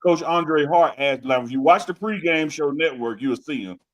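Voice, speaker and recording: A man co-hosting a casual sports talk show, talking with emphatic, animated energy and teasing his co-host. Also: a little high, normal speed, low-quality recording.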